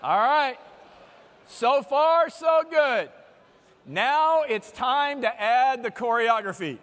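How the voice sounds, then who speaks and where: An energetic man delivers a motivational keynote on stage, his voice pitched notably high for a man. Long reverb from a big conference hall trails every phrase. He jokes with the crowd and coaches them through quick exercises. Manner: energetic, humorous, leads the audience through exercises. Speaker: keynote speaker.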